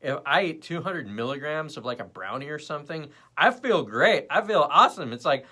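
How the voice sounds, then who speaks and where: A man's voice: on the high side, brisk, hardly any pauses. A young man hosting a casual livestream, rambling between topics and chatting with viewers in the comments. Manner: rambling, animated, jumps between topics and chat. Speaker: livestream host.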